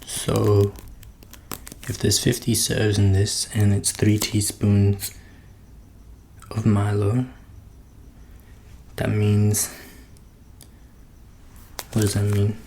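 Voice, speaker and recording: Male ASMR creator, low, creaky voice, slipping between whispers and soft talk, dry asides. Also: monotone, very slow, long pauses, a little hiss or hum. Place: his room at home.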